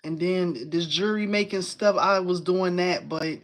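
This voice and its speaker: A woman hosting a casual crafting live stream from home. She talks in an excitable, chatty way, says "y'all" a lot, and answers viewers' comments aloud. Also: on the low side, normal speed. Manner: uses y'all and informal phrasing.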